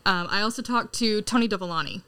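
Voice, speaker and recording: A woman co-hosting a podcast, telling an animated story in casual chat and laughing often. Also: mid-range voice, quick pace, smooth. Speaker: podcast co-host.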